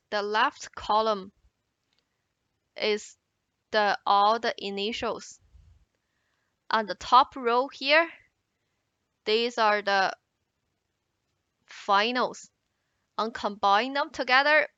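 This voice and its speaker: A woman with a Mandarin Chinese accent teaching an introductory language lesson, explaining slowly and exaggerating tones in her examples. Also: a little high, sharp tone, clean tone, dry recording, highs cut off. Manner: slow, careful explanation, exaggerating tone contours in examples.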